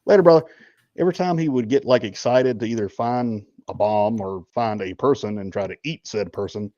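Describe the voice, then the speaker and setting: A man's voice: fairly low pitch, brisk, mellow, no echo, lo-fi sound. A man co-hosting a podcast, telling a long story in a casual, joking way with lots of ums. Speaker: podcast co-host.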